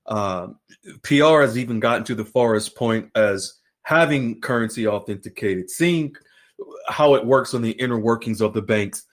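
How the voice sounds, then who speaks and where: A man's voice: medium pitch, normal speed. Guy hosting, mid voice, introducing the guest and hyping her up. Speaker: host. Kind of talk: casual chat.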